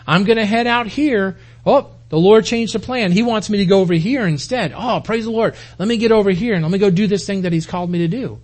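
Husky high-voiced man preaching casually. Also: a little fast, few pauses, a little mellow. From United States. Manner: folksy, asks the congregation rhetorical questions. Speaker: pastor. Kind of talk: conversational sermon.

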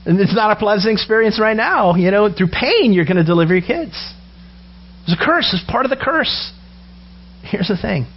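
A man preaching a sermon, animated and storytelling, acting out the characters' words as he goes. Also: high-pitched, normal speed, a little hiss or hum. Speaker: pastor. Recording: dull lo-fi sound with faint ambience.

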